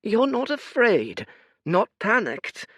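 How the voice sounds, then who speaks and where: Man putting on a tired, teary old seer: high, quavering croak, dry close sound. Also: wildly swooping pitch, slow, a bit bright, no echo, exaggerated voice. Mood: weary, sorrowful. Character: old weary male seer, teary and sorrowful.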